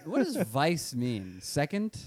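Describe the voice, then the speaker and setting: A man's voice: fairly high pitch, wildly swooping pitch, slow pace, a little mellow, dry recording. A man co-hosting a comedy podcast, riffing playfully on the jokes. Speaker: podcast co-host. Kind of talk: casual comedic banter.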